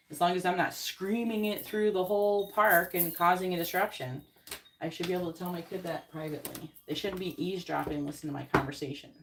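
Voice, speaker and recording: A woman's voice: lowish voice, a little hiss or hum. A woman who hosts tarot readings, telling a story in an indignant, casual rant full of swearing and fillers. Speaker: tarot card reader host.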